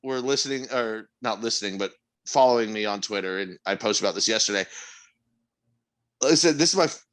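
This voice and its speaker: In a lowish voice and a brisk delivery, a podcast co-host vents about work in casual conversation. He's exasperated and swears freely, his voice spiking in disbelief and swelling almost to a shout.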